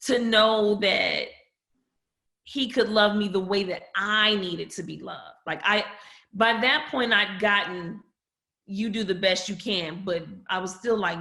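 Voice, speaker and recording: A woman's voice: medium pitch, unhurried, sharp tone, roomy sound. A woman guest on a podcast, telling a personal family story candidly and with feeling, often quoting people in her own voice. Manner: candid, emotional, quotes others in her own voice.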